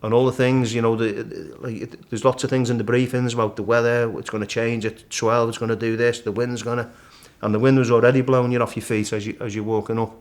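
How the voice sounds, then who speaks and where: A middle-aged man, a guest in a casual interview, vividly retelling his climb and acting out the shouts and thoughts along the way. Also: mid-range voice, fast talker, few pauses. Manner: animated storyteller, acts out his own shouts and thoughts. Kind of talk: storytelling in casual conversation.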